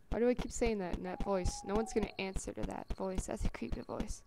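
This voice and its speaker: A woman giving chatty let's-play commentary on a survival game, gasping at finds and breaking into squeaky sing-song calls. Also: fairly quick, creaky, hardly any pauses, noisy background. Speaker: gameplay commentator.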